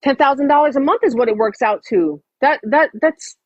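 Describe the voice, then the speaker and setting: A woman's voice: high-pitched, a little fast, no echo, dull audio. A woman chatting casually on a livestream, blunt and full of swearing.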